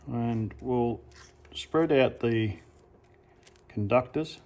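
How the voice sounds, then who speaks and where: An Australian man walks through a practical task step by step in a laid-back, everyday way. He speaks slowly at a middling pitch and pauses with small fillers and quick self-corrections. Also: noisy background. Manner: relaxed, unhurried, self-correcting with "uh" and "sorry, correction". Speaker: amateur radio hobbyist. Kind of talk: casual how-to demonstration.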